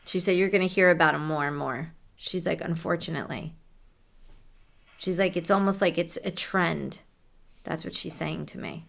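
A woman working as a psychic medium, softly relaying messages during a reading in a casual, conversational way. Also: fairly low pitch, moderate pace, creaky.

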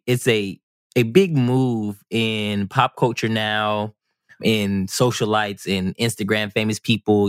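A man co-hosting a casual podcast, talking in an animated, rambling way with many restarts and fillers. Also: fairly low pitch, no echo, studio quality. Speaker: podcast co-host.

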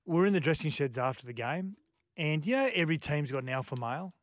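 A man's voice: fairly high pitch, lively intonation, fast talker, dry recording, studio quality. An Australian man co-hosting a sports radio show, giving casual analysis.

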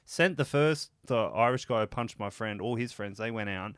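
A man's voice: on the low side, normal speed, fairly bright tone, smooth, dry recording, studio quality. A man in casual podcast chat, telling pub anecdotes while laughing. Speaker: podcast co-host.

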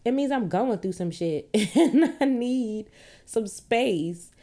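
A woman's voice: on the high side, takes it slowly. A woman talking candidly at home into a podcast mic, emphatic and fond of rhetorical questions, laughing and swearing freely. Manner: rhetorical questions, animated retorts. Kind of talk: casual monologue.

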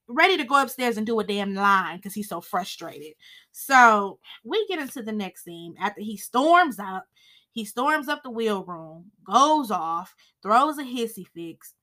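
A young woman hosting a podcast, recapping a TV episode in a sassy, slangy, animated way. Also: on the high side. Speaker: podcast host recapping a TV series. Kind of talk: casual recap and review.

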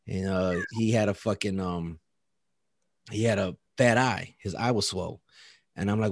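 A man's voice: low-pitched, normal speed, dry recording, clean studio sound. A man telling a funny story in casual chat, acting out the people in it and laughing often. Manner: animated, acts out dialogue, laughs often, heavy profanity.

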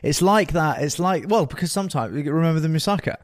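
Animated, teasing male podcast co-host. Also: a little high, fast talker. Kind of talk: casual bickering chat.

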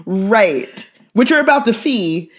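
A woman's voice: mid-range voice, animated, takes it slowly. A woman co-hosting a podcast in casual chat, emphatic and often laughing. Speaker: podcast co-host.

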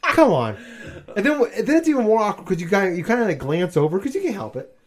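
A man's voice: sits high, sing-song, fast. Rambling profane man, tired and delirious. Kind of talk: casual chat.

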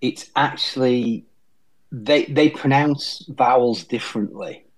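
A man's voice: medium pitch, slow pace, rough recording. A man in his fifties with a British accent, a pastor speaking hesitantly in a conversational interview with many restarts. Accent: British English. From England. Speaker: staff pastor.

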